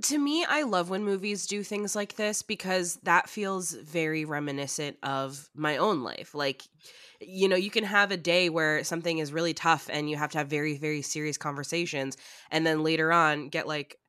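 A woman joining a casual film podcast, talking in an animated, emphatic way. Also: low-pitched, normal speed, no room sound, clean studio sound. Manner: animated, emphatic, laughs easily. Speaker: podcast guest, film editor.

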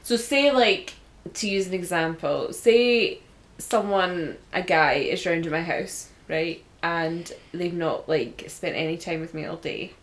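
A woman's voice: fairly low pitch, a little slow. A young Scottish woman chatting casually on a podcast, sarcastic and sweary. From Scotland. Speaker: podcast co-host. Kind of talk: casual chat.

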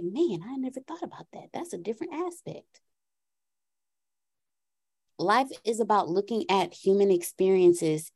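A woman hosting a podcast, telling a casual story in an animated way and acting out a dialogue with her son. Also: mid-range voice. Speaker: podcast host.

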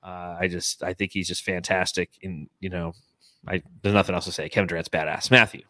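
A man's voice: sits low, steady tone, sharp tone, dry recording. A man co-hosting a casual sports podcast, joking and laughing as he talks. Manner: laughing, joking, quick asides. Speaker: podcast co-host. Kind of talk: casual chat.

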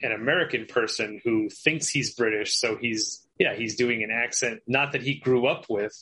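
A man co-hosting a podcast in casual chat, answering in a relaxed way with short replies. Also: mid-range voice, moderate pace, husky, poor audio. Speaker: podcast co-host.

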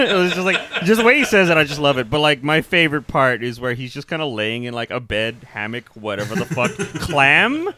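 Excited guy rambling about a movie, kinda high voice, dry close sound. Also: brisk, few pauses, no echo. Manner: excitable, rambling, profane, laughs often. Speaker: podcast co-host. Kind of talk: casual chat.

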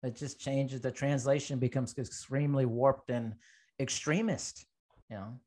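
A man co-hosting a podcast, agreeable, laughing often and chiming in with quick agreement. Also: mid-range voice, fairly even intonation, warm tone. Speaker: podcast co-host. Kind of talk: casual chat.

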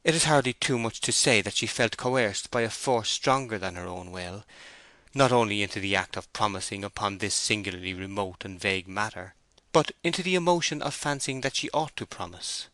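Low, forceful male audiobook narrator. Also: lively intonation, a little fast, no echo. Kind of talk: scripted narration.

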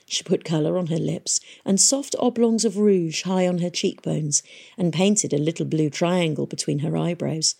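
A woman narrating an audiobook in a steady storytelling manner. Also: low voice, vocal fry, breathy edge.

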